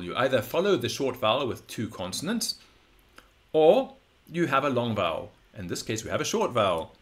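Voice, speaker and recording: A man who speaks English natively, teaching in a patient, digressive style and slowly drawing out example words. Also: mid-range voice, fairly bright tone. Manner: patient, digressive explaining with slow drawn-out model words. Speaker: Latin teacher. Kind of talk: explanatory audio lesson.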